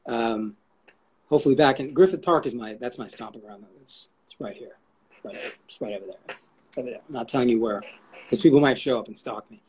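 A man's voice: mid-range voice, brisk, a little mellow. A man chatting as an interview guest, rambling, swearing casually and cracking jokes. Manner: rambling, profane and jokey.

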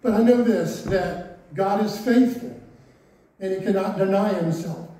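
A man's voice: high-pitched, unhurried, dark tone, recorded from a distance. A man in his forties giving his personal testimony to a congregation, candid and wry, with self-mocking asides. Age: 40s. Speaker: testimony speaker. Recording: roomy echo, voice from off-mic, faint hiss.

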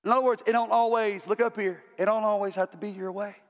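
A man's voice: high voice, fairly even intonation, quick pace, in a large hall. A male pastor preaching an impassioned sermon, repeating words as he builds to emphatic calls. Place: church sanctuary.

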